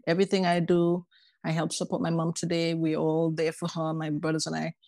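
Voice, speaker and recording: Guest: woman, low gravelly voice, lively storyteller who mimics others, dry close sound. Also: brisk, no echo. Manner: animated, acts out quoted voices. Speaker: podcast guest. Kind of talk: casual personal storytelling.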